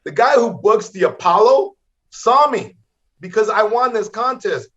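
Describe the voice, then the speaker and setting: A middle-aged man from Los Angeles, a comedian telling wild stories in an energetic way, always saying "bro" and "man.". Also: high voice, unhurried. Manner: energetic, repeats "bro" and "man", acts out voices. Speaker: comedian guest. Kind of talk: animated storytelling. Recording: slightly dull lo-fi audio.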